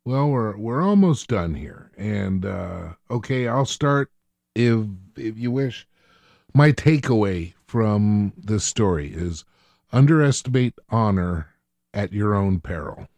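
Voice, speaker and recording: Give me a man speaking very slowly and deliberately in a low voice. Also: expressive, vocal fry, a little mellow, no echo. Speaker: podcast co-host. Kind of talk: casual book discussion.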